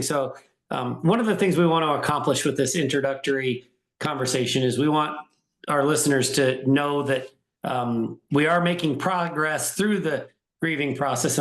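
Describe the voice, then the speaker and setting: A man hosting a podcast, telling a story in casual chat with animated, self-mocking energy. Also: fairly high pitch. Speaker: podcast host. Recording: roomy echo.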